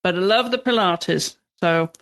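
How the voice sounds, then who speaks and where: A woman's voice: fairly low pitch, measured pace. Easygoing woman hosting a podcast. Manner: easygoing, frequent ums and yeahs. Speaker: podcast host. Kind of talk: casual interview chat.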